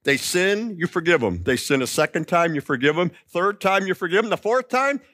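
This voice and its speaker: A man preaching a sermon with a voice that swoops up and down as he tells the story. His pitch sits a little high for a man, and the sound is close and dry. He acts out the quoted lines with lively emphasis. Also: a little fast, dry recording. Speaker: pastor.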